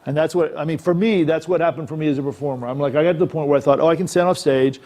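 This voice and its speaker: A man's voice: a little high, fairly even intonation, rapid-fire, mellow. A man giving a talk on acting, speaking conversationally and checking in with his listeners. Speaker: acting coach. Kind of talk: workshop talk. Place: presentation room.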